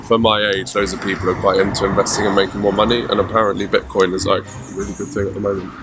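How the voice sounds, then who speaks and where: A man's voice: fairly low pitch, little pitch movement, racing, noisy background. A man answering a street interview in an easygoing, casual way. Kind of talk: vox pop answer.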